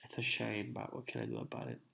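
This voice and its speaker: A man from Italy with an Italian accent, whose first language is Italian, sounding sick as he chats slowly and repetitively on a live stream. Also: rumbling low, big pitch swings, vocal fry, sharp tone. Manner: slow, repetitive, drawn-out. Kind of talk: casual live stream chat.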